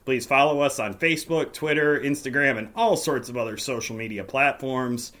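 A man with a hoarse, raspy voice wraps up his podcast on his own, chatty and wry. His tone is bright and forceful even as his voice is giving out. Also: mid-range voice, moderate pace. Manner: wry, self-deprecating humor. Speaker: podcast host. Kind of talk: casual solo podcast wrap-up.

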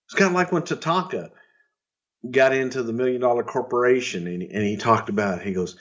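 A man's voice: medium pitch, a little fast, fairly bright tone, lo-fi sound. A middle-aged man telling wrestling stories in casual podcast chat, profane and rambling, with chuckles. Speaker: podcast storyteller.

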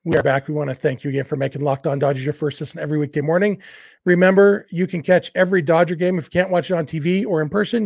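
Chatty gravelly podcast host. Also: male voice, fairly high pitch, no room sound, clean studio sound. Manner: chatty, conversational, with many "uh" fillers. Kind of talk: casual podcast talk and read ads.

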